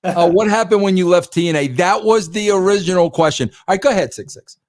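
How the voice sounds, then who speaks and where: A man's voice: high-pitched, quick pace. A man hosting a podcast, teasing his guest, cutting in and calling him bro. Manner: teasing, interrupts, says "bro". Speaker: podcast host. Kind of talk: casual podcast chat.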